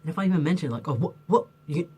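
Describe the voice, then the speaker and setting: Husky young man on a rambling rant. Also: a little high, animated, racing, warm tone. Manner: rambling, heated, swears a lot, fills with "like". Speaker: vlogger. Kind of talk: unscripted rant to camera.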